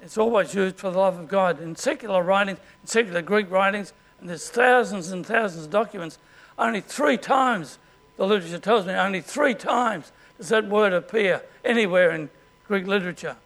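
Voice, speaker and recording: Preaching at a moderate pace, this Australian man speaks as pastor in a high, somewhat bright voice. His delivery is conversational, broken up by frequent throat-clearing.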